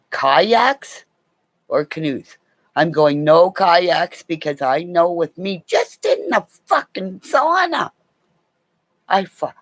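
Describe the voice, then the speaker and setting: A middle-aged woman rambling through a personal story, her pitch swinging up and down a lot. She talks slowly, laughs often and swears casually. The sound is dry and close, with no room echo.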